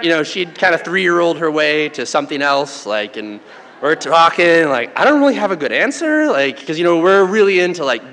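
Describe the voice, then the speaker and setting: Animated man telling a story on stage. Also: fairly high pitch, a little hiss or hum. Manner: animated, laughing with the audience. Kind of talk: live storytelling. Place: stage in a live venue. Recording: long hall reverb with faint crowd ambience.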